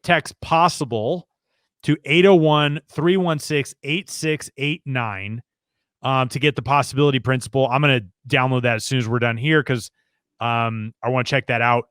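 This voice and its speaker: Friendly joking podcast host, dry sound. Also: male voice, mid-range voice, fairly even intonation, normal speed, a bit bright, clean tone, no echo. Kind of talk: casual chat.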